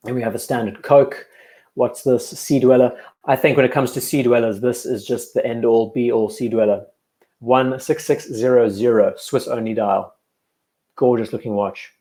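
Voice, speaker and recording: A young man with a blend of South African and English accent, hosting a live stream and chatting casually with viewers in a rambling, relaxed way from an echoey room. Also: medium pitch. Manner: relaxed, rambling, answers chat questions between watch remarks. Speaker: watch channel host on a live stream.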